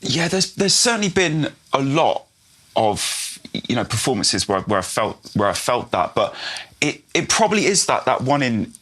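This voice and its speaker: A man's voice: mid-range voice, big pitch swings, normal speed, a bit bright. A man as a podcast guest, answering hesitantly with many restarts and frequent laughs. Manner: hesitant, repeats words, laughs a lot. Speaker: guest, slam poet. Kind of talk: casual interview chat.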